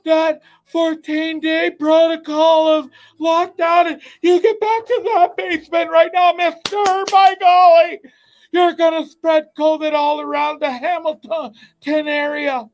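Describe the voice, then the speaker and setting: Man putting on a shrieking scolding lady, very high, indignant, nagging. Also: flat delivery, a little slow. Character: shrill scolding woman, nagging friend.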